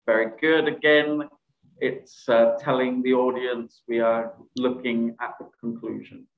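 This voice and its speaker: A man's voice: medium pitch, little pitch movement, a little slow. A man teaching a presentation skills workshop over a video call, quizzing participants and praising their answers. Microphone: video call microphone. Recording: echoey, dull video call audio.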